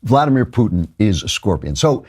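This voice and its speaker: A man hosting a political talk show, delivering fast, argumentative commentary and breaking into laughter mid-sentence. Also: fairly low pitch, big pitch swings, darkish tone, slightly rough. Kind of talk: opinionated commentary.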